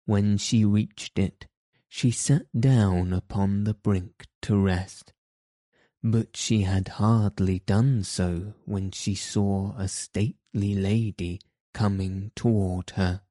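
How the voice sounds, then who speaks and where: Guy reading a fairy tale super slow, mellow low voice, dry close sound. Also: no echo. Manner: calm, very deliberate. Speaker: narrator.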